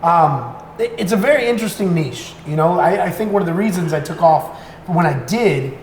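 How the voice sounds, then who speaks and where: A raspy-voiced American man talks easily as a podcast guest, his voice sitting a little high. He tells relaxed stories in an echoey room with a faint hiss behind him. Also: normal speed. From United States. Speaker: guest content creator. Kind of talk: casual podcast chat.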